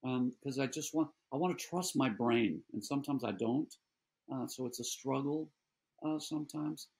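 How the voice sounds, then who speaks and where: An older man, an actor talking as a guest in a casual interview, halting and often restarting his sentences. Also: medium pitch, a little mellow, slightly rough. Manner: halting, many restarts and repeated words.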